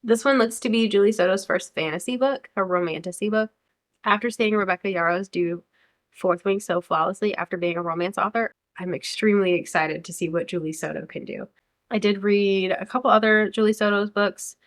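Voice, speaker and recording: A woman's voice: mid-range voice, brisk. A young American woman chatting casually about upcoming books, enthusiastic and talkative, sometimes reading blurbs aloud. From United States. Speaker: book vlogger. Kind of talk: casual chat.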